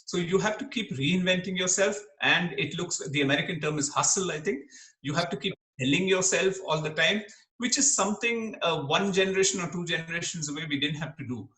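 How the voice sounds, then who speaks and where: A middle-aged man from Kerala, speaking as an interview guest in an earnest, animated way and laughing easily. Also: fairly high pitch, a little fast. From Kerala, India. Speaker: interview guest, dermatologist and comedian. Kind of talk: reflective interview talk. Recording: echoey room.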